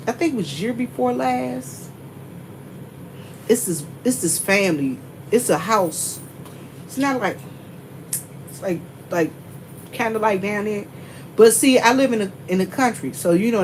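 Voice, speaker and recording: Lively Southern woman vlogger, chatty. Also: mid-range voice, slight background noise, low-quality recording. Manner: animated, chatty, laughs often, drawn-out "mm-mm"s. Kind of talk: casual storytelling to viewers.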